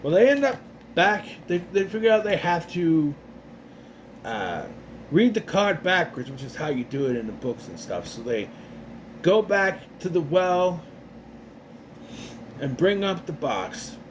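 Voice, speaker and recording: Very animated and a little high in pitch, a man casually recaps a TV episode, rambling and restarting frequently while doing the characters' lines in quick voices. The recording carries a little hiss or hum.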